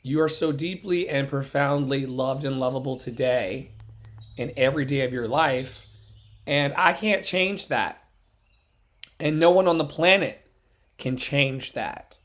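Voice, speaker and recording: A man's voice: mid-range voice, takes it slowly, pauses often, fairly bright tone. A man hosting a show, delivering an impassioned motivational sermon in an emphatic, blunt and profane preacher's manner.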